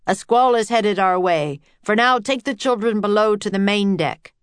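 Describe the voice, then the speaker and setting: A woman's voice: medium pitch, expressive, normal speed, clean tone, no echo, pitched above the performer's own voice, lightly acted. A woman doing a barking ship captain. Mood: commanding. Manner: shouting orders. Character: commanding male ship captain.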